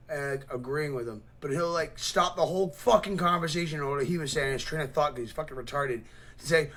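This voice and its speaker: A man hosting a reaction video, talking in a rambling, excitable way full of swearing and mocking asides. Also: on the high side, fast talker. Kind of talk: casual profane reaction commentary.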